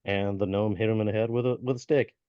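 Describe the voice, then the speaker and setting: Fairly low-pitched and fairly even in intonation, this man talks fast with a clear, resonant tone in a dry recording. He's a podcast co-host loosely retelling a folk tale, stumbling through fillers and restarts on dull lo-fi audio.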